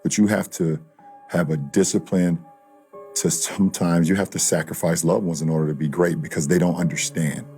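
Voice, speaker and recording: A man's voice: deep voice, steady tone, normal speed, warm tone, soft background music. A man answering an interview question in a reflective, hesitant way, stumbling and repeating himself. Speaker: athlete being interviewed.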